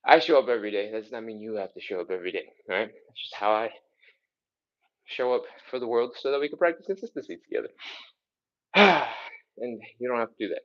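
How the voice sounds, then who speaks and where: Male mobility coach, mid pitch, out of breath, casual rep-counting delivery, slightly dull lo-fi sound. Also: fast talker, long pauses. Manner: counts reps aloud, casual and encouraging, sighing between moves. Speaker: fitness instructor. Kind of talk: live follow-along workout coaching.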